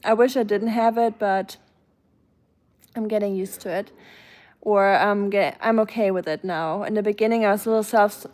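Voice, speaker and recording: A woman's voice: medium pitch, steady tone, moderate pace, darkish tone. Chatty German-accented woman streamer. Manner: chatty, reads out and answers chat comments. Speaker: live streamer. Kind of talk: casual live-stream chat.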